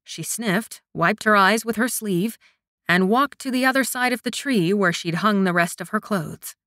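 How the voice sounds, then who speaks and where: A woman narrating a romance audiobook in a soft, intimate storytelling manner. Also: mid-range voice, moderate pace, no room sound, studio quality. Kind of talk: scripted narration.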